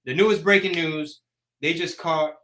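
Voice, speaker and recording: Brash, bright-voiced man ranting. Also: fairly high pitch, fairly even intonation, moderate pace. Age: 40s. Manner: brash, joking rant. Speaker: host. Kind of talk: casual live chat.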